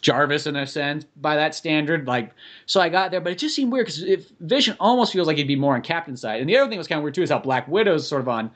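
A man's voice: on the high side, animated, fast talker, a bit bright. A man co-hosting a podcast in casual chat, rambling and swearing freely. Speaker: podcast co-host.

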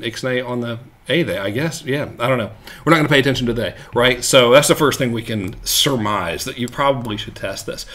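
Casual male marketing coach, average pitch, loose and jokey, chatty check-ins with the viewer. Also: fairly bright tone. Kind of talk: casual live-streamed teaching.

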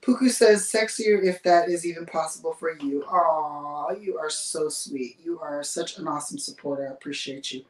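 A woman's voice: sits low, moderate pace, few pauses. A woman hosting a casual livestream from a bedroom, chatting with viewers and laughing often as she reads their comments. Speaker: livestream host. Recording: roomy sound from a distance.

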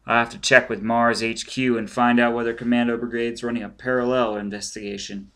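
A man's voice: medium pitch, little pitch movement, fairly quick, pushed and bright. Stern male intelligence chief, clipped, firm, audiobook reading, done by a man. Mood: explaining.

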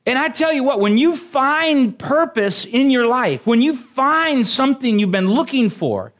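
A man preaching a sermon to a congregation. He makes joking asides to them and builds up to excited exclamations. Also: extremely high pitch, measured pace. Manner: animated, rising to exclamations. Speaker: pastor.

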